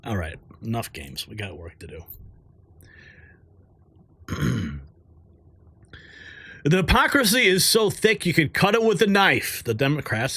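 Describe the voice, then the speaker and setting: Bright-voiced joking male news host. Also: on the high side, no echo. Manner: joking, chatty asides. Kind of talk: casual political commentary.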